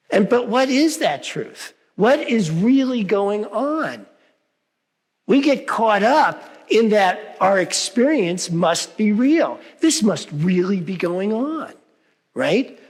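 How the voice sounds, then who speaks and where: Man giving a sermon, high voice, animated swings in pitch, long reverb from a big hall. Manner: conversational, frequent "right?" asides.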